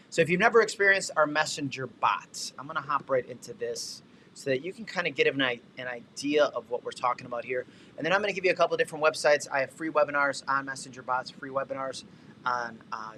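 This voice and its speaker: A man hosting a casual livestream, walking viewers through real estate tech tools with energetic, chatty asides. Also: mid-range voice, fairly quick, slight background noise. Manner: energetic, talkative, shout-outs and asides.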